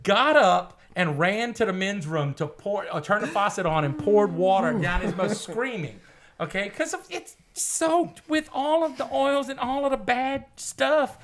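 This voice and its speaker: A man, a podcast guest and comedian telling a comic story in a lively, drawling way. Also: high-pitched, a little slow. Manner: lively, drawling storyteller who acts out other people's voices.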